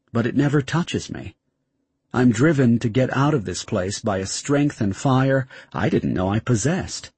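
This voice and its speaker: Husky, dry-sounding male narrator for a tense first-person story. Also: mid-range voice, a little mellow, no room sound. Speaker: audiobook narrator.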